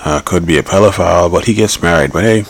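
Male podcast host, very deep voice with a gravelly fry, blunt and rambling. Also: fast talker. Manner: blunt, rambling, repeats himself. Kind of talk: casual political commentary.

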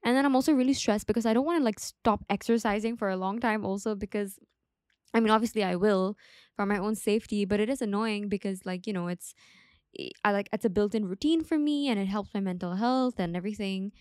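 A young woman hosts her solo podcast, talking in a loose, rambling way full of fillers and asides. Her voice sits at an ordinary middle pitch. It is recorded close and dry, with no room sound. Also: fairly quick, darkish tone, clean tone, no echo. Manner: chatty, rambling, lots of "like" and asides. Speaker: podcast host. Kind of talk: casual solo podcast chat.

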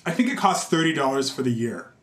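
Animated storytelling man, roomy echo. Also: mid-range voice, fast talker. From Canada. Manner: animated, many fillers, acts out quotes in a raised voice. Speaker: interview guest, conductor. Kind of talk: casual conversational storytelling.

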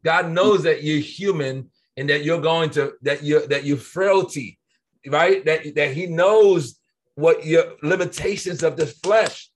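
A man in casual Bible-study conversation, reading scripture slowly and pressing his points with earnest repetition. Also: a little high. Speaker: co-host of a faith discussion.

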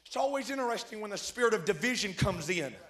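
A man preaching a revival sermon, swinging from hushed, rhythmic lines to loud shouted peaks, with joking asides to his congregation. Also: sits high, expressive, fast. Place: large church hall. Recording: echoey church hall.

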